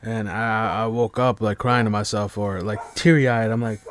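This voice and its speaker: Rambling and stammering, a live stream podcast host swears heavily through a casual late-night monologue at home while others are asleep. His voice sits on the low side with fairly even intonation, normal speed, and few pauses, over slight background noise.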